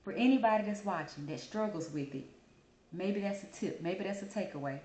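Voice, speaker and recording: A woman hosting her channel, talking casually to camera and telling her story in an animated, chatty way. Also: medium pitch, a little fast, a little hiss or hum. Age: adult. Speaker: channel host. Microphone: camera mic. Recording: roomy echo.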